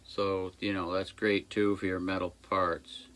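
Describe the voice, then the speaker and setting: A folksy man chats his way through a repair job, rambling and cracking small jokes as he goes. His voice is on the low side but bright and forceful. He drifts around the bench near a camera mic. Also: little pitch movement, unhurried. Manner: folksy, rambling, jokey asides. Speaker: small engine repair shop owner. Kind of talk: casual workshop how-to talk. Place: workshop by a busy road.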